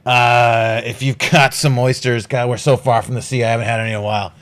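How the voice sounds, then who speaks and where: A man voicing a boisterous, foul-mouthed male city watch captain in a tabletop game, loud and hearty, talking in a rush. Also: mid-range voice, little pitch movement, smooth, close to an everyday voice. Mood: jovial. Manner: loud, swearing, hearty, rushed. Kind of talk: tabletop role-play improvisation.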